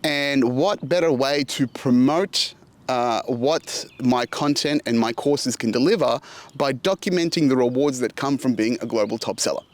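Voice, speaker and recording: A man's voice: mid-range voice, normal speed. A man in his thirties casually telling a personal story, swearing now and then and acting out dialogue. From Australia.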